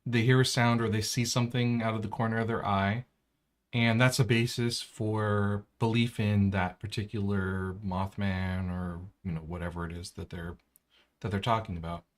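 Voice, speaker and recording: A man's voice: fairly low pitch, little pitch movement, normal speed. A man co-hosting a podcast in casual chat, easygoing and teasing. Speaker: podcast co-host.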